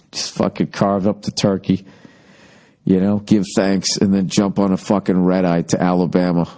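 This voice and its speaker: A man's voice: low-pitched, level tone, measured pace, darkish tone. A man hosting his own podcast, telling road stories in a loose, profane, rambling monologue. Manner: profane, rambling storytelling with mocking impressions. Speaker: podcast host. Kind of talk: casual monologue.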